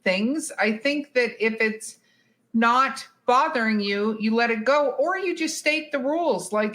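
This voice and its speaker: Bright-voiced chatty woman podcast host. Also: fairly high pitch. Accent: Southern US. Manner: chatty, emphatic, quick asides. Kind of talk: casual chat answering listener questions.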